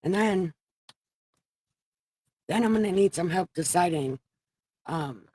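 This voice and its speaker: A woman hosting a casual Bible reading livestream, candid and profane, getting emotional and close to tears as her voice swings between loud outbursts and quiet moments. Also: fairly low pitch, lively intonation, slow, breathy edge, dry recording.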